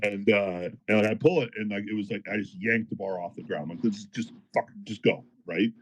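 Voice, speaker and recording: A man telling a story in a casual podcast chat, animated and profane, as a powerlifter guest. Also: lowish voice, fairly quick, breathy edge. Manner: animated, profane, fired-up retelling.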